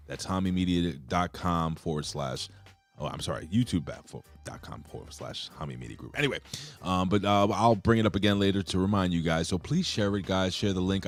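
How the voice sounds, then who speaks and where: A man co-hosting a casual wrestling review show, rambling and cursing freely with lots of fillers. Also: sits low. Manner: loose, profane, rambling with frequent fillers. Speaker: podcast co-host.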